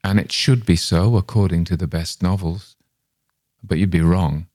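A man's voice: deep voice, normal speed, darkish tone, no echo, studio quality, natural voice. A man voicing a grim male storyteller who recounts a horror with ghoulish relish.

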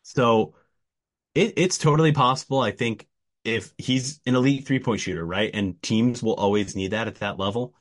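Low-voiced man, steady chat. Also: moderate pace. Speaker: podcast co-host. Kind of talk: casual sports chat.

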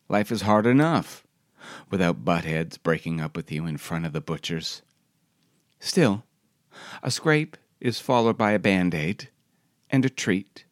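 A man's voice: on the low side, no echo, studio quality. A man reading his own personal essay aloud in a wry, reflective, conversational way.

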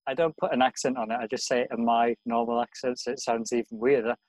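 A man's voice: medium pitch, level tone, quick pace, darkish tone, dry recording, low-quality recording. A man from Middlesbrough chatting casually as a podcast guest, in a self-deprecating way. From Middlesbrough, England. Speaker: podcast guest, community reporter.

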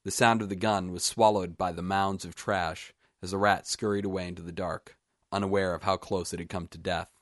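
Deep-voiced male author narrating his short story, measured and even; dry, close mic. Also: no echo.

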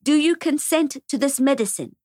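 Woman reading an older nurse, brisk, a bit condescending, highish voice, dry sound. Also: expressive, darkish tone, dry recording.

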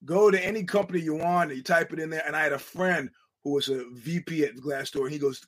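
A man's voice: a little high, fast, a bit bright. A middle-aged man from the United States hosting a podcast, telling stories in a rambling, profane, laughing manner. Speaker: podcast host. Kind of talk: casual monologue.

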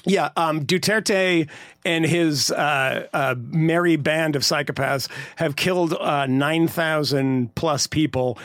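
A man co-hosting a casual political podcast chat, sardonic and rambling, swearing and filling pauses with "uh" and "you know.". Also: on the high side, a bit bright, no echo, clean studio sound. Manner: rambling, sardonic, profane, lots of fillers. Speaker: podcast co-host.

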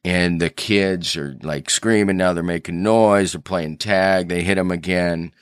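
A man's voice: sits low, fairly even intonation, unhurried, clear, resonant tone, dry recording, clean studio sound. A man hosting a solo podcast as an author, telling stories earnestly and thinking aloud with restarts. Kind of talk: reflective solo podcast talk.

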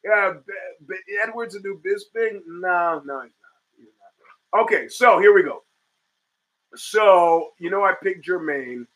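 A man's voice: high-pitched, a little slow, long pauses, fairly bright tone, low-quality recording. A middle-aged man hosting a talk show, rambling and swearing as he reads chat and answers it. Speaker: podcast host. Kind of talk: casual talk show monologue.

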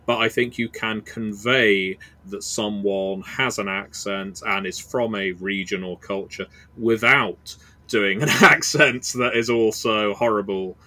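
A man's voice: on the low side, fairly even intonation, unhurried, bright, forceful tone. A man co-hosting a podcast, speaking thoughtfully in casual chat with frequent hesitations. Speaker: podcast co-host.

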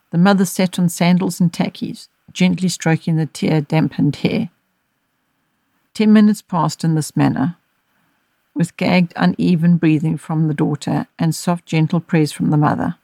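Woman narrator, measured gentle storybook reading, dry close mic. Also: lowish voice, dry recording. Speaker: audiobook narrator and podcast host.

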